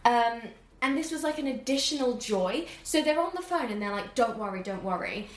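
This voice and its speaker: A woman's voice: high-pitched, moderate pace. A woman in her twenties chatting casually about a movie, acting out scenes and laughing as she goes. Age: 20s. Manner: animated, acts out scenes with loud swearing and laughter. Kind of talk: casual movie review chat. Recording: echoey room with faint background noise.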